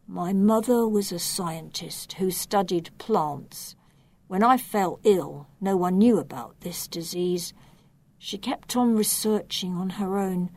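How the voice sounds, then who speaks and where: A woman's voice: mid-range voice, darkish tone. A woman voicing a subdued young merman boy. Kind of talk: storybook reading.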